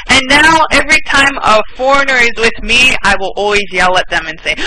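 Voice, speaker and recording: The recording is rough, with steady background noise and clicking, as an American woman gives an online English lesson. Her medium-pitched voice is unhurried with long pauses, and she stays patient, repeating words and laughing frequently.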